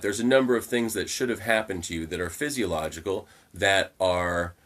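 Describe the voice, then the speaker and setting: Deep-voiced man guiding a visualization. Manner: calm, slow guiding with frequent fillers and restarts. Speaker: magick teacher leading a visualization. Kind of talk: guided visualization.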